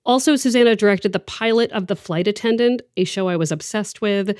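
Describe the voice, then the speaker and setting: A woman hosting a podcast, chatting enthusiastically with her guest and telling stories with lively asides. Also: mid-range voice, a little fast, no room sound, clean studio sound. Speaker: podcast host. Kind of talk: conversational podcast interview.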